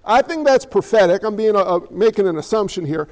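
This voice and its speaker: A pastor preaches in a conversational, joking way, tossing questions out to the congregation. His voice sits very high for a man, light and reedy. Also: lively intonation, brisk, low-quality recording. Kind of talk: sermon.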